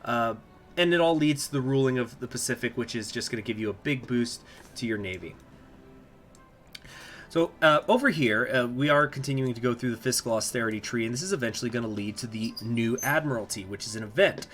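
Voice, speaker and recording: A man giving a casual gameplay walkthrough as a strategy game guide host, explaining as he goes and pausing often to think aloud. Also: mid-range voice, a bit bright, soft background music. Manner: chatty, explanatory, thinks aloud with many filler pauses.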